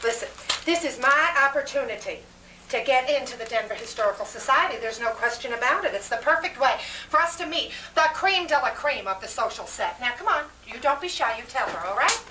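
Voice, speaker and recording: A woman's voice: high voice, expressive, brisk, pushed and bright. A woman playing a brassy, social-climbing middle-aged mother who gushes and calls everyone honey. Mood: gushing. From West Texas. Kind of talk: radio-style comedy drama. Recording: roomy, distant mic, faint noise.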